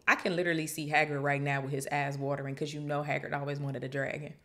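A woman with a low, gravelly voice reads a book aloud for her podcast. She breaks into chatty, animated asides between passages, in a relaxed, casual way. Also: quick pace. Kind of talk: reading aloud with casual commentary.

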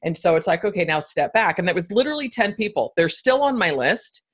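A woman hosts a podcast in a relaxed, chatty way and laughs often. Her voice sits low for a woman. She sounds friendly and conversational. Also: a little fast. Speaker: podcast host. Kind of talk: casual conversation.

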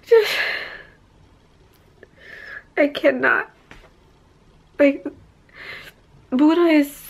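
A woman's voice: sits high, steady tone, drawn-out words, creaky, long pauses, poor audio. Candid rambling young woman vlogger. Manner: candid, rambling, sighs and trailing off. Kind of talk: casual vlog talk to camera. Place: family home indoors.

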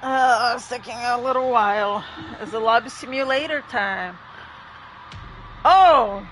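A woman's voice: fairly high pitch, a little slow, pauses often, fairly bright tone, slight background noise. A woman streaming a game, chatting casually with her chat and laughing often.

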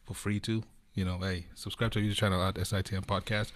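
Man, podcast co-host, lowish voice, dry close sound, easygoing. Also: level tone, quick pace, no echo. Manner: easygoing, repeats himself, calls for subscribers. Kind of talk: casual chat.

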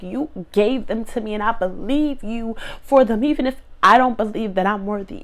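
A woman speaking to her phone camera, near tears, giving a heartfelt faith-based motivational talk with repeated preacher-like builds. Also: on the high side. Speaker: motivational vlogger.

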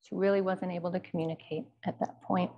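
A woman Zen teacher telling a personal story in a dharma talk, speaking in a quiet, measured, halting way. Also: fairly low pitch, level tone, muffled recording.

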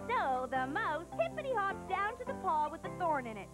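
A woman hosting a children's storybook show, talking in a bubbly, excited, sing-song way. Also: extremely high pitch, moderate pace, music in the background.

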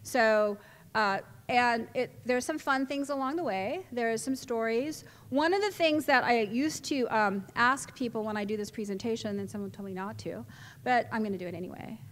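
A middle-aged woman, giving an animated storytelling talk to a live audience in a large hall. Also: a little high, normal speed. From California, USA. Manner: animated, chatty, laughs often, with restarts. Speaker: symposium speaker. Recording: echoey hall reverb.

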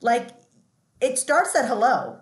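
Chatty higher-voiced woman in echoey room. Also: very animated, takes it slowly. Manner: chatty, restarts often, says "like" a lot. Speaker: podcast guest. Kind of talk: candid interview storytelling.

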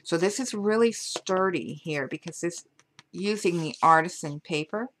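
A woman's voice: on the low side, measured pace, a little hiss or hum. A woman showing off a handmade paper album, chatty and gushing over the materials as she walks through each page. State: hiccups. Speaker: paper craft designer. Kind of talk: craft show-and-tell tutorial.

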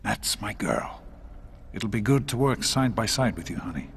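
A man's voice: fairly low pitch, animated, normal speed, slight background noise. An actor playing a caring, determined scientist father in a video game, speaking earnestly. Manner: earnest, gently urgent.

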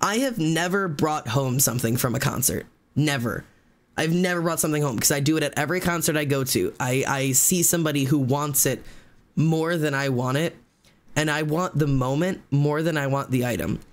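A man streaming live, telling a long story in casual chat, rambling and fast with many fillers and restarts. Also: a little high.

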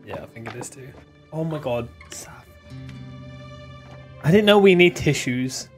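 A woman's voice: extremely low pitch, animated, a little slow, music in the background. A woman hosting a co-op gameplay video, chatty, teasing and reassuring. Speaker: gaming channel host. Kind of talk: casual co-op gameplay chat.

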